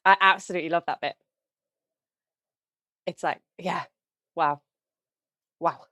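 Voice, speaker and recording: A woman's voice: fairly low pitch, fairly even intonation, measured pace, bright, forceful tone, dry recording. A young woman hosting a reaction video, talking casually and gushing, with lots of likes and ums.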